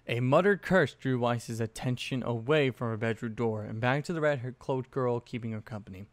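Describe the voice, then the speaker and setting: A young man reads a fan story aloud in a casual, offhand way, breaking off for sweary asides. His voice is mid-pitched and even. The recording is close and dry. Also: normal speed, dry recording. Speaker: fanfiction narrator.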